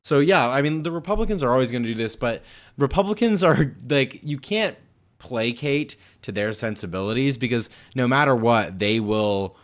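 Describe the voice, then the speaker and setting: Man, political commentator, casual reaction talk, blunt, sarcastic, mid-pitched voice. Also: animated, moderate pace.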